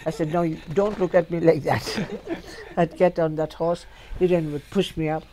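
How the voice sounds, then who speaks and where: A woman's voice: deep voice, normal speed, crowd noise. An older woman, telling humorous stories from her life and laughing often. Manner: laughs often, lively storytelling. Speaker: storyteller recalling her life. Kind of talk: humorous storytelling. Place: home.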